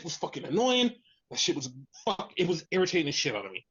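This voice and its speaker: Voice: quick pace, lo-fi sound. Profane, exasperated podcast ranter. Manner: animated, mimics others in a lower voice. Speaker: wrestling podcast co-host. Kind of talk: casual podcast rant.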